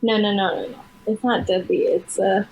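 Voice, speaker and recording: A woman taking her turn in a tabletop game, talking casually and throwing in jokes. She sounds easygoing and chatty. Her pitch stays in a middle range. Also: flat delivery, normal speed, darkish tone, slight background noise, poor audio. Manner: joking, chatty. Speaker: player.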